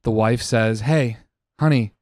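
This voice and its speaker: Loud, profane young man telling a theory. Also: mid-range voice, unhurried, dry recording, studio quality. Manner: animated, profane, mock-conspiratorial storytelling. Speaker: podcast co-host. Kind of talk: casual comedic chat.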